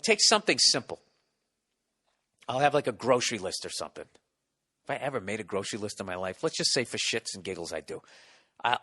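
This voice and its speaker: A man in his forties, a comedy podcast host, rambling through a profane, animated story into a studio mic. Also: fairly high pitch. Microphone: studio mic with windscreen.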